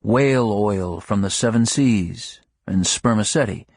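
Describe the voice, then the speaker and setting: A man narrating a literary novel as an audiobook in a measured, unhurried way. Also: fairly low pitch, darkish tone, slightly rough, no echo.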